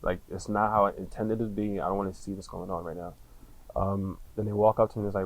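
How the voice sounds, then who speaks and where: A man in his thirties, a podcast guest, telling a personal story candidly, in casual slang with frequent swearing and halting restarts. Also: low voice, flat delivery, rough recording.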